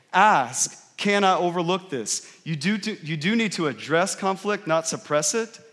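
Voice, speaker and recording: A man's voice: on the high side, fairly bright tone. A man in his thirties, a pastor giving a conversational sermon and often checking in with the congregation. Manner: conversational preaching, often asks the crowd "right?". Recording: long hall reverb.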